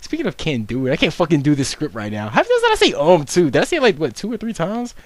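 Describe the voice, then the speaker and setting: A man's voice: a little high, wildly swooping pitch, racing, no room sound. A young man giving casual unscripted video commentary, rambling and swearing, with frequent stumbles and restarts as he mocks himself.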